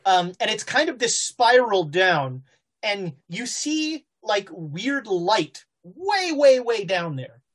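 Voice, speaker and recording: A woman narrating a horror tabletop game as game master, halting with fillers and restarts. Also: mid-range voice, big pitch swings.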